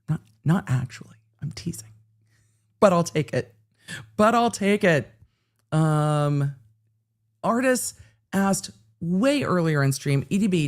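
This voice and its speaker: Woman livestreamer chatting casual, kinda low voice, swears a lot, tells stories all animated. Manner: animated, swearing, storytelling with acted quotes. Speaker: legal commentary livestream host.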